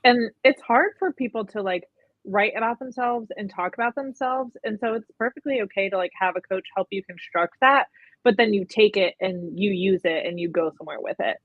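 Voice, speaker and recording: A young woman, a personal brand coach appearing as a guest, chats casually in an interview, speaking a little fast in a mid-range voice and peppering her talk with "like" and "um." The audio is tinny and phone-like, with no echo.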